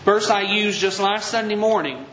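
A man preaching a sermon to his congregation, reading scripture aloud with emphatic, drawn-out phrases and putting direct questions to the listeners. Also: sits high, reverberant, highs cut off, noisy background. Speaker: pastor. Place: church sanctuary.

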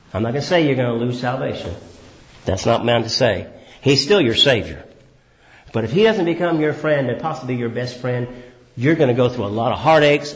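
A man preaching a sermon who asks the congregation questions and answers them himself, swinging between raised, emphatic phrases and low, drawn-out words. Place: church hall. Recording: echoey, dull church hall recording.

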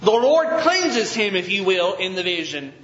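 A high-voiced male pastor gives a sermon, slowing and stretching his phrases as he reads scripture. He turns to the congregation with direct questions. The recording is roomy and a bit dull, with a faint hiss beneath it. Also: big pitch swings, a bit bright. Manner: reads scripture aloud with emphatic, drawn-out phrases. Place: church sanctuary.

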